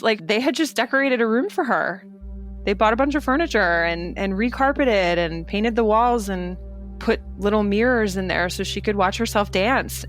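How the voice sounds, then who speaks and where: A woman interviewee recounting events about her sister, acting out the back-and-forth of conversations as she tells it. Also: medium pitch. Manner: animated storyteller acting out dialogue. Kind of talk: personal testimony. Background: faint background music.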